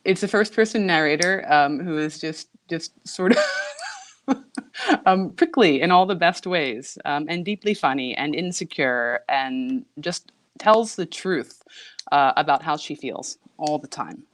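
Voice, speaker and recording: A woman's voice: low voice, a little slow. A woman in her forties, a guest on a book podcast, talking hesitantly with many ums and frequent laughs. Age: 40s. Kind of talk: casual chat.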